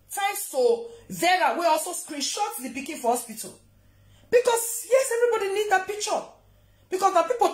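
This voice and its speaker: A Nigerian woman vlogger ranting to camera, scolding and taunting someone. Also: high-pitched. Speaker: social media vlogger. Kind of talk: confrontational rant to camera. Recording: roomy echo.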